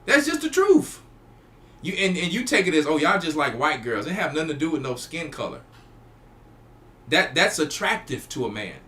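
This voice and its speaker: Black preacher guy hosting a show, high bright voice, keeps repeating himself for emphasis. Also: big pitch swings, moderate pace, long pauses. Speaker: church elder and show host. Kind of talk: preaching talk to a live audience.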